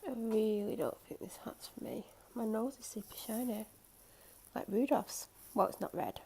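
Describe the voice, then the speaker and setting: Woman, ill and tired, rambling casual home vlog, slightly high voice, faint background hiss. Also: normal speed, warm tone. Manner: chatty, rambling, self-mocking. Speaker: vlogger. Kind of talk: casual chat. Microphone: clip-on microphone.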